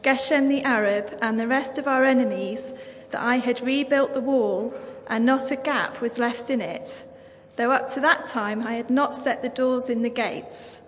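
A woman with an English accent reading a Bible passage aloud in church, measured and formal. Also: fairly high pitch, fairly even intonation, slight background noise. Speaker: Bible reader. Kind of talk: scripture reading. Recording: long church reverb.

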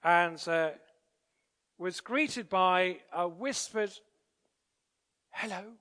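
High-voiced pastor in a reverberant church. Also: male voice, normal speed, a bit bright. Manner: conversational, with frequent fillers. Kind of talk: sermon.

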